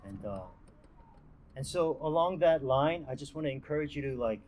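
A man's voice: fairly high pitch, expressive, normal speed, darkish tone, slight background noise, low-quality recording. A young man giving a casual devotional talk as a campus ministry speaker, chatty and full of fillers and restarts. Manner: conversational, lots of fillers and restarts.

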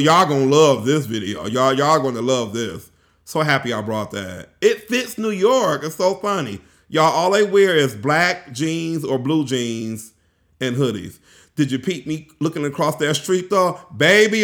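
A young man tells a travel story in a casual, animated vlog, full of slang and excited asides. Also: medium pitch. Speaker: vlogger.

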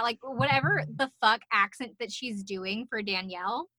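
A woman's voice: on the high side, moderate pace, few pauses, sharp tone, no room sound. A young woman co-hosting a podcast, chatting casually about a show, swearing and laughing often. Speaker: podcast co-host. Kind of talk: casual recap chat.

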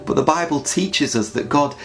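A man preaching, telling a lively story and then pleading earnestly with listeners to come to faith. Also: on the high side, moderate pace. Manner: animated storyteller, rising to an earnest plea. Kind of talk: sermon storytelling. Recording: soft music behind.

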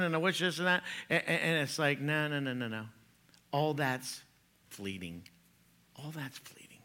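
A middle-aged pastor, a man, whose voice sits a little high for a man and rings bright and forceful. He preaches in a loose, chatty way and laughs at his own jokes. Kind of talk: sermon with jokes.

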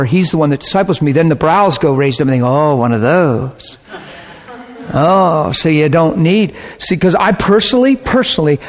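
High-voiced earnest male preacher. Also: big-room sound. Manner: earnest, builds to excited emphatic peaks. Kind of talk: sermon teaching.

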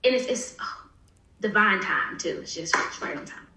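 A woman guest on a podcast, talking in an animated, emphatic way with frequent laughs. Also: mid-range voice, moderate pace, reverberant, low-quality recording. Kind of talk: casual podcast interview.

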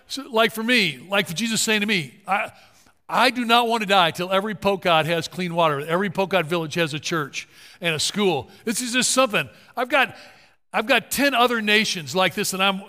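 A male pastor preaching a sermon, dropping low and quiet for stories and then rising into loud, rallying calls to get up. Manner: swings from hushed storytelling to loud rallying calls. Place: large church hall. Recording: long hall reverb.

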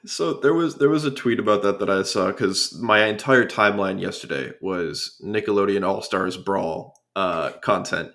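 A man chatting casually on a gaming podcast, halting with restarts and "uh"s. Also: low-pitched, a bit bright. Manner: hesitant, stammers and restarts. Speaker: podcast co-host. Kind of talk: casual chat.

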